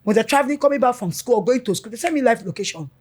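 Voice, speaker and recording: Speaking rapid-fire in a fairly high voice, a middle-aged woman guesting in an interview brings talks with her kids to life, performing the family exchanges in quotes with real animation.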